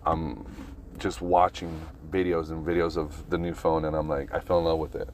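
Low-voiced guy rambling and cussing on his podcast, phone mic, car noise in the back. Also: level tone, moderate pace, a little mellow. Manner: rambling, profane, brainstorming aloud. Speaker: podcast host. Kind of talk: casual solo podcast chat.

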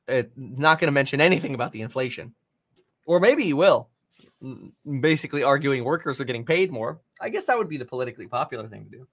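A man hosting a live stock market stream, giving casual running commentary with sudden excited outbursts. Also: medium pitch, fast talker. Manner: casual, thinking aloud, bursts of excited exclamations. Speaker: stock market livestream host.

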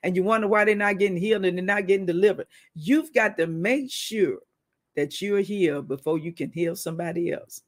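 A woman's voice: fairly low pitch, brisk. A woman minister giving a preaching-style teaching talk, conversational, telling personal stories and calling out to her listeners. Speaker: minister teaching a weekly wisdom segment.

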